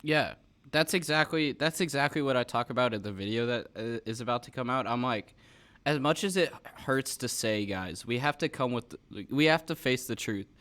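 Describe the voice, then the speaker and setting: A man's voice: medium pitch, expressive, normal speed, fairly bright tone. A man hosting a podcast, chatting casually and thinking aloud with fillers and restarts. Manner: conversational, with frequent fillers and restarts. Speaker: podcast host.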